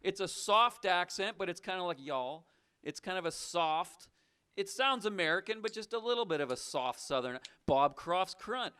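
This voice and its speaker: Smooth-voiced man hosting a call-in show. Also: high voice, expressive, normal speed, bright, forceful tone. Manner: teasing, mock-suspicious. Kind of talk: casual call-in banter.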